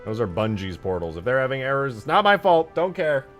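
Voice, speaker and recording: A man streaming himself modding a game, excitable and swearing a lot, swinging from low mumbles to sudden yells. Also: a little fast, faint music behind. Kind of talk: live-stream commentary.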